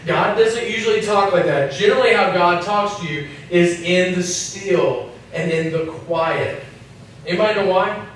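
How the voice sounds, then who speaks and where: A man's voice: sits high, normal speed, fairly bright tone. A man giving a casual, joking sermon to young people, acting out little voices as he talks. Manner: chatty, acts out voices, jokes. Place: church hall. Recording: echoey room, mic at a distance, faint noise.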